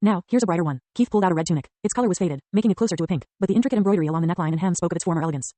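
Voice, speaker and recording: A woman narrating an audiobook in a brisk, even reading style. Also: on the low side, no echo. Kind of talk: scripted narration.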